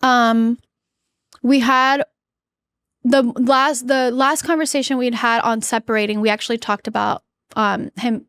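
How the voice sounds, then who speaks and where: Earnest higher-voiced woman in her thirties. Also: fairly even intonation, fairly bright tone, smooth, no echo, clean studio sound. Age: 30s. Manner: earnest, halting, many fillers and restarts. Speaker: podcast guest. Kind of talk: candid interview storytelling.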